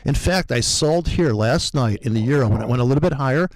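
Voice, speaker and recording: A man's voice: medium pitch, expressive, fast, a little mellow, no echo. A man talking about trading in a heated, profane rant that mocks other traders. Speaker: trader co-host. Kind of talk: animated trading talk.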